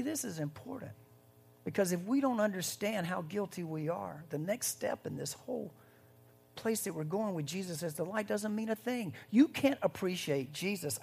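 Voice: mid-range voice, lively intonation, normal speed, gravelly, slightly rough. Pastor preaching in a conversational, swinging style. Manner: conversational, swings between loud and hushed. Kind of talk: sermon.

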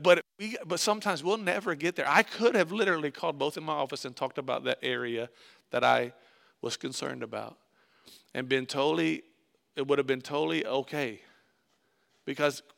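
Pastor guy preaching, kinda high voice, gravelly, tells it honest and pokes fun at himself. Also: fairly bright tone. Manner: candid storytelling with self-mocking laughs. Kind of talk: sermon.

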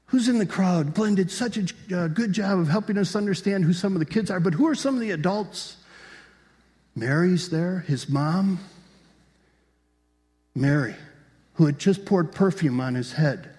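A man's voice: sits high, animated, measured pace, long pauses, a little mellow. A man preaching a sermon as a pastor, telling the story vividly and asking the congregation rhetorical questions. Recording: long reverb of a large hall.

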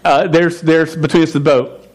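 A man in his forties telling a story in a sermon, animated, stumbling and restarting his words as he goes. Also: on the high side, normal speed. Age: 40s. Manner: stuttering with frequent restarts. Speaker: pastor.

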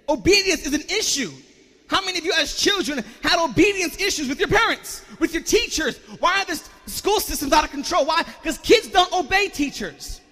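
Male pastor with a very high voice, preaching with shouted calls to the congregation in a reverberant church. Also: expressive, brisk. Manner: call-and-response preaching, repeats words, rising to shouts. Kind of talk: sermon. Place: church sanctuary.

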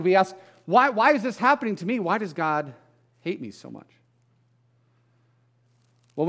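Man preaching a casual, storytelling sermon. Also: on the high side. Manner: folksy, storytelling, self-deprecating asides. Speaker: pastor. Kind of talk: conversational sermon.

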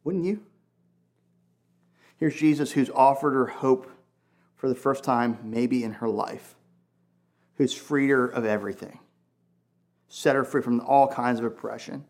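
A man's voice: mid-range voice, unhurried, pauses often. A male pastor preaching in a conversational, emphatic way, full of casual asides. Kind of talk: sermon.

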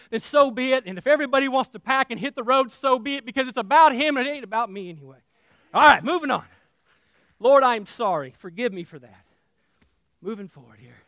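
A man preaching a sermon as pastor, passionate and folksy, swinging between shouting and hushed reading. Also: high-pitched, no echo. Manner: folksy and emotional.

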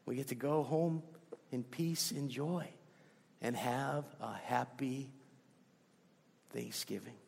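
A pastor preaching a sermon with emphatic delivery that drops to a soft hush on key lines, heard in a church. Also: male voice, medium pitch, fairly even intonation, takes it slowly, creaky, long pauses, slightly rough. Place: church sanctuary. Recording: hall with long reverb.

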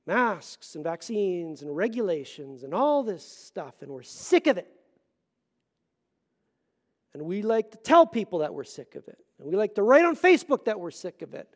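A middle-aged male pastor preaching a sermon, earnest, swinging between loud emphatic lines and hushed asides. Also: high-pitched, sing-song, moderate pace.

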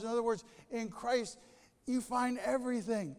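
A male pastor preaching a sermon, telling stories with animated delivery and dramatic pauses. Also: very high-pitched, clear, resonant tone, big-room sound.

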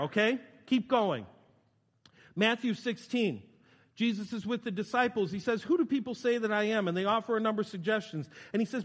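A man's voice: sits high, long reverb tail. A man preaching a sermon as a pastor, retelling scripture in a conversational, storytelling way. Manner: conversational, storytelling with quoted voices.

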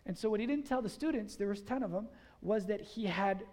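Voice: medium pitch, fairly quick. A pastor delivers a sermon in an easy, chatty way, full of casual fillers. They push the congregation to repeat phrases back. The voice rings out with a long reverb in a large church hall. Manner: energetic and conversational, has the congregation repeat phrases.

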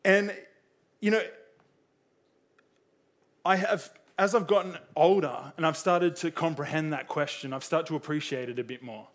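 A man's voice: a little high, moderate pace, pauses often. Casual, chatty young male preacher. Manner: casual, conversational, many fillers; acts out quotes with raised voice. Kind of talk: sermon.

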